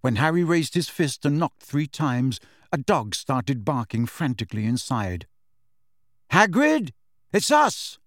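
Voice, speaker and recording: A man narrating a storybook at a middle pitch, steady and unhurried. He shifts his voice slightly for the characters. The recording is dry and close to the mic. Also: dry recording. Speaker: audiobook narrator. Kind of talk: scripted narration.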